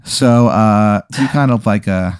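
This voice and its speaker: A man hosting a comedy podcast, casually improvising an absurd story with a rambling, filler-heavy, deadpan delivery. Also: fairly low pitch, unhurried, clear, resonant tone, no room sound, clean studio sound. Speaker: podcast host telling an absurd hypothetical.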